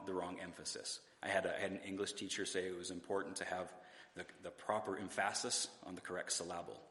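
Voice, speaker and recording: A man's voice: low voice, fairly bright tone, echoey room, big-room sound. A man preaching a sermon in a church, talking in a conversational way, asking the congregation rhetorical questions and sometimes restarting his words. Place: church sanctuary.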